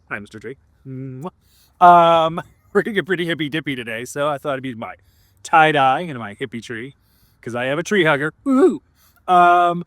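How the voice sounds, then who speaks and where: A man's voice: a little high, a bit bright, dry recording. A man hosting outdoors in a park, chatting in a rambling, laughing, hippie-ish way as he leads a gratitude ritual. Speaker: host. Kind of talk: casual talk leading a gratitude ritual.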